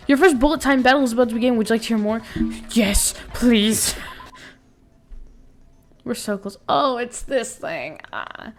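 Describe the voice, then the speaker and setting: A woman's voice: fairly high pitch, moderate pace, soft background music. A woman streaming a game live, laughing, swearing and reading the tutorial text aloud. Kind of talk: live let's play commentary.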